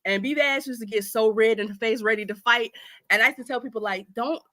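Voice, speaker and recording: A woman from Ohio telling a story on a casual podcast, animated and laughing as she goes. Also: fairly high pitch, quick pace, no echo. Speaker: podcast co-host.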